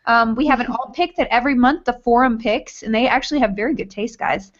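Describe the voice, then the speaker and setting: Woman, book club host, casual chatter, high voice, lo-fi video call. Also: fast talker. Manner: chatty, announces meetups with playful asides. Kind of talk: casual video hangout chat. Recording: dull lo-fi video call audio.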